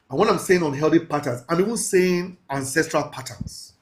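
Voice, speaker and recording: A man teaching a mentorship class, talking in a preachy, emphatic way, slowing down to stress key phrases and laughing with his students. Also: on the high side. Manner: laughs often, casual asides to the class. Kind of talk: live class lecture.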